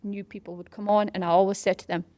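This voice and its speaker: A middle-aged woman in an interview who tells her story with lots of animation. She slips into other people's voices and lowers to a whisper for effect. Her voice sits at an ordinary middle pitch, and the recording is close and dry. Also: level tone, fast, warm tone, no echo. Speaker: interview guest, parkrun organiser. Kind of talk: casual storytelling.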